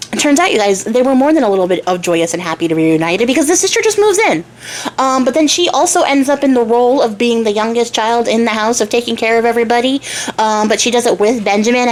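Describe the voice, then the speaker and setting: A woman's voice: a little high, a little hiss or hum. A young woman casually retelling a fairy tale while crafting, chatty and irreverent, swearing and loosely voicing the characters. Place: home craft room.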